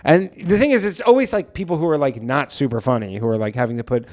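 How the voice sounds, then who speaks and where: A man's voice: medium pitch, quick pace, a little mellow. A man hosting a comedy podcast, chatting casually and swearing.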